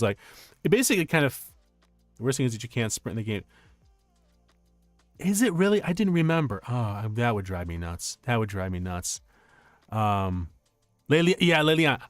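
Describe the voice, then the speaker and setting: A young man streaming casual chat, telling stories in an animated, rambling way with many restarts. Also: mid-range voice, no room sound.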